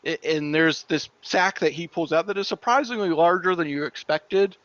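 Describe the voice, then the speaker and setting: A man's voice: on the high side, normal speed, fairly bright tone, no echo, highs cut off. A man acting as dungeon master, narrating a tabletop game in a loose, chatty storytelling manner.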